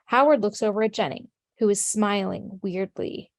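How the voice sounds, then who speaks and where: A woman narrating the stage directions of a script in a steady, matter-of-fact way. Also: mid-range voice, moderate pace, vocal fry, no echo, studio quality.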